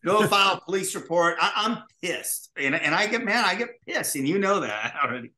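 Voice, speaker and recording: A man who is a guest on an interview show, telling stories in an animated, profane way and acting out the dialogue. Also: high voice, normal speed, reverberant. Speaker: guest, pizza restaurateur. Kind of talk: casual interview storytelling.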